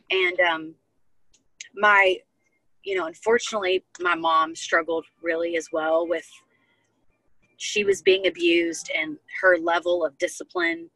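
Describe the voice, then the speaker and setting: A woman's voice: lowish voice, creaky, bright, forceful tone, slightly rough, no echo, rough recording. A young woman talking as a guest, telling her personal testimony in an earnest, heartfelt way. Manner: earnest, heartfelt storytelling with many fillers. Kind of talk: personal testimony in casual chat.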